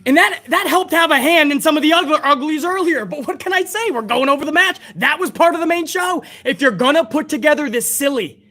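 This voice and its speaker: High-voiced woman ranting, blunt and profane. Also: lively intonation, brisk, few pauses, a bit bright. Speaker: wrestling show host. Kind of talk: live-stream review rant.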